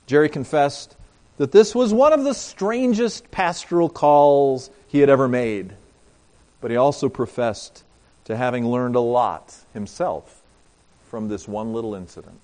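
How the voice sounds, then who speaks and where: A pastor delivers a sermon, telling a story and addressing his congregation directly. His medium-pitched voice runs a little slow, shifting between emphatic lines and quiet asides.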